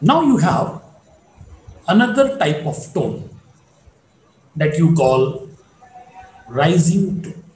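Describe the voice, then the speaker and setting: A man lectures at a slow, deliberate pace, going back over each point for his students. His voice sits fairly high. The recording carries a roomy echo and a faint background hiss. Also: very animated, a little mellow. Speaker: phonetics lecturer.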